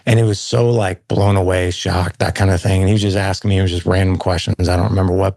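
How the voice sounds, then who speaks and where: A middle-aged man with a deep, low voice recounts his own childhood in a candid, conversational way, slipping into the voices of people he quotes. The sound is dry and close, with no room around it. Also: vocal fry, darkish tone, no room sound. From St. Louis, USA. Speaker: podcast guest. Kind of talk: personal storytelling interview.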